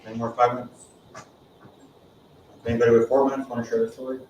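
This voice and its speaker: A man leading a group meeting, quickly and casually asking who else wants to share. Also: medium pitch, flat delivery, muffled recording. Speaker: meeting facilitator. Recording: noisy echoey room from far off.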